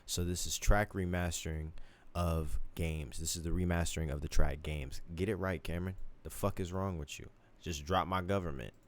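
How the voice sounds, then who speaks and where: Deep voiced young guy streaming late at night from his studio, loose and rambly, cussing and joking with chat. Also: steady tone, moderate pace. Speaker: streamer and musician. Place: home recording studio.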